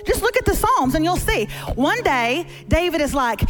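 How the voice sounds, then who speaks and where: A middle-aged woman preaching as a guest speaker from a church stage, telling stories with animated humor. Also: very high-pitched, normal speed, few pauses, soft background music. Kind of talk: sermon. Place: church stage before a congregation.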